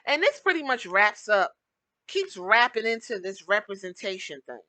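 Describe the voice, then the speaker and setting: A woman hosting a podcast, giving blunt, animated commentary and slipping into mock voices to make her points. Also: medium pitch, normal speed, dry recording, rough recording. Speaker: podcast host.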